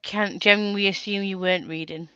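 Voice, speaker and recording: A woman hosting a casual bookish group video call, chatty and quick to laugh. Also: mid-range voice, steady tone, bright, forceful tone, clear, resonant tone, dry recording, lo-fi sound. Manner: chatty, laughs often, reads comments aloud. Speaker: booktube host.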